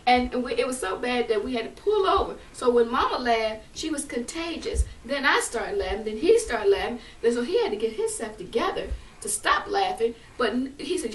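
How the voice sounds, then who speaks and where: Older woman telling family stories, kinda high voice, sounds far off in an echoey room. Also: expressive, brisk, hardly any pauses, slight background noise. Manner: warm, laughing, emotional storytelling. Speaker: speaker at a family gathering. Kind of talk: heartfelt storytelling.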